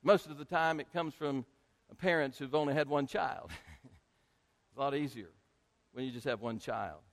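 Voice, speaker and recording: A male pastor preaching a sermon to his congregation, speaking emphatically and rising to loud peaks. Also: medium pitch, normal speed. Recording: long hall reverb.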